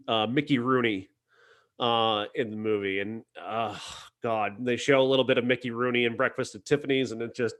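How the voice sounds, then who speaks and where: A man's voice: mid-range voice, fairly bright tone. A man reviews a film on a podcast in an earnest, conversational way. He often stops and restarts his sentences while he works through his thoughts. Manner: earnest, hesitant with many restarts.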